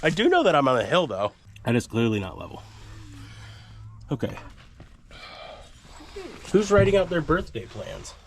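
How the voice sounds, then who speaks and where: A man's voice: on the high side, huge pitch swings, moderate pace, pauses often. Chatty man vlogging on a homestead. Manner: chatty, rambling, self-deprecating. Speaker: vlog host and father. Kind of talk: casual vlog narration. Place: outdoors on a rural homestead.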